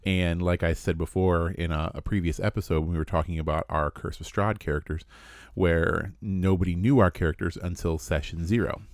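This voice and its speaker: A man with a very low, deep voice speaks on a podcast in an earnest, reflective tone. His sound is dry and close, with no room around it. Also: steady tone, brisk, dry recording. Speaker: podcast co-host and player. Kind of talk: casual chat.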